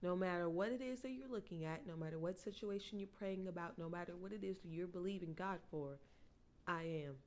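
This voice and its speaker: A woman's voice: lowish voice, fairly quick. A woman hosting a devotional podcast, reading a Bible passage and then reflecting on it in an earnest, personal way with small laughs. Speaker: podcast host.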